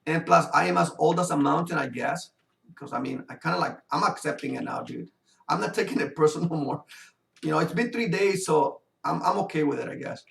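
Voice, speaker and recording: Gravelly man rambling through a story. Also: fairly high pitch, a little fast, a bit bright. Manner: rambling, full of fillers. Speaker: gamer and video host. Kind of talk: casual storytelling while gaming. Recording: roomy sound from a distant mic.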